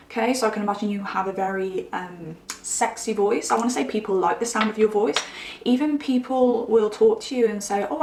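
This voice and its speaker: A woman's voice: medium pitch, a little mellow. A woman giving a chatty pick-a-card tarot reading, musing aloud with frequent asides. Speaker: tarot reader. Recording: roomy echo.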